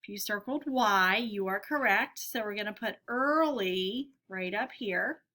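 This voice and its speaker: A woman teacher giving a phonics lesson to young children, saying each word slowly and clearly twice. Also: medium pitch, sharp tone. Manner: slow, clear word-by-word dictation.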